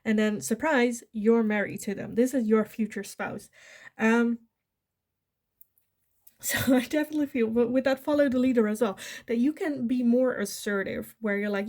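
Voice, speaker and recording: A woman with a fairly high voice talks through a pick-a-card tarot reading. She keeps it chatty and giggly, slipping into little voices to act out what people might say. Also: steady tone, normal speed, a little mellow. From Netherlands. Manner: chatty, giggly, acts out quoted lines. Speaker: tarot reader.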